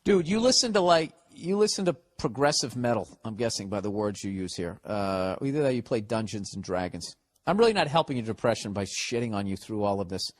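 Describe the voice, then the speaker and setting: Very animated and fairly quick, this Boston-accented podcast host has a lowish voice. Through a podcast studio mic, he delivers rambling, profane, sarcastic advice as a casual comedic monologue.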